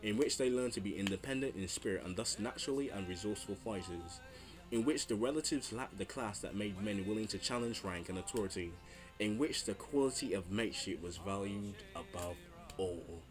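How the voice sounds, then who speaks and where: A low-pitched man reads a history narration, then rambles through an earnest, jokey sign-off. Faint music runs quietly under his voice. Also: fairly quick. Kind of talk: read history narration and casual outro.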